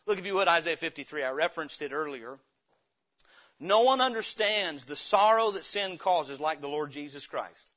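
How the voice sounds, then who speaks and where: Impassioned high-voiced male preacher. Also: expressive, normal speed, muffled recording. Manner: impassioned preaching, swelling louder and higher at climaxes. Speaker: pastor. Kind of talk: sermon. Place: church.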